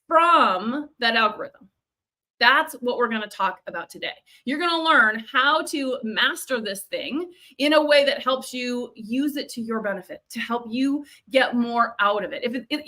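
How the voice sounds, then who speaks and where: A woman leads a live online training as a coach, in a bright, fairly high voice. She talks in a chatty, upbeat way, often repeating words and starting sentences over. She is recorded close up on a webcam mic. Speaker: video and growth coach.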